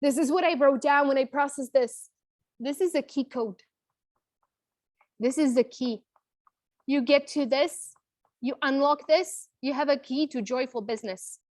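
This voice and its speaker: A woman's voice: high voice, a little slow, long pauses, dry recording. A woman in her thirties, a business coach, telling a personal story in an emotional, confiding way. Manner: emotional, confiding, frequent "you know".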